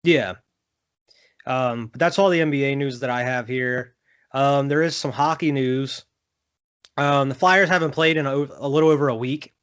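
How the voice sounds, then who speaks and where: A man's voice: medium pitch, moderate pace, fairly bright tone, clean tone, lo-fi sound. A young man co-hosting a sports podcast, talking loosely with lots of fillers and laughs. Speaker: podcast co-host. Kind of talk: casual sports chat.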